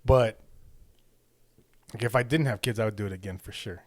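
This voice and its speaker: A father and podcast co-host, somewhere between young adult and middle age, tells a story casually at normal speed in a lowish, darkish voice, recorded dry. He rambles, swears a lot, and keeps checking in with his listener by asking "right?"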